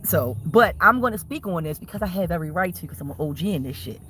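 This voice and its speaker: A woman's voice: lowish voice, expressive, quick pace, fairly bright tone, slight background noise. A woman livestreaming and chatting casually with her viewers, rambling, swearing freely and laughing often.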